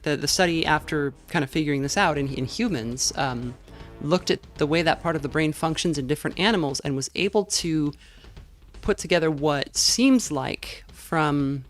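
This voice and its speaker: A woman streamer chatting casually over her gameplay, rambling into tangents with lots of fillers, speaking into a dynamic USB mic at home. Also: low-pitched. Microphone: dynamic USB microphone. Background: faint game music.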